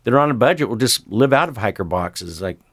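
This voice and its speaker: A man's voice: medium pitch, expressive, quick pace, no echo. An older man chatting as a guest, telling rambling stories with lots of fillers. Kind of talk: casual conversation.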